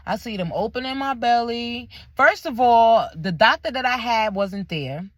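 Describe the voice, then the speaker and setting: A young woman with a mid-range voice tells her birth story as a vlogger, speaking unhurriedly with no room sound. She's casual and animated, acting out other people's voices and dropping to a near-whisper at the tense moments.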